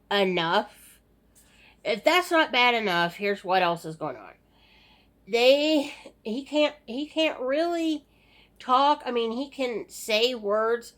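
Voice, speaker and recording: A woman's voice: a little high, a bit bright. A middle-aged woman giving a casual, rambling personal video update, weary and sighing often, with many restarts. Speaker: vlogger. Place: home at night.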